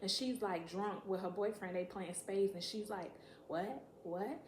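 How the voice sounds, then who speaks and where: Profane, animated woman vlogger, echoey room. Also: medium pitch, normal speed, a little hiss or hum. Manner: profane, animated, acts out quotes. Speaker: storytime vlogger. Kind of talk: casual storytelling to camera.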